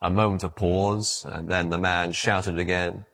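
A man preaching a sermon, telling stories in an animated way, often stumbling and restarting his words. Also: sits low, a little slow. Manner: animated storytelling with stammered restarts.

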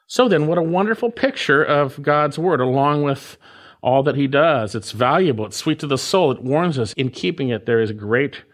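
A man preaching an expository sermon, explaining word meanings and repeating key phrases with emphatic stress. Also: on the high side. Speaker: pastor.

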